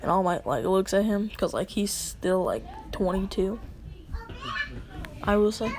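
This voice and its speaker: A woman's voice: medium pitch, sing-song, measured pace. Woman rambling thru a fan story, slangy, takes her time, faint room hum. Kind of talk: casual fan story telling.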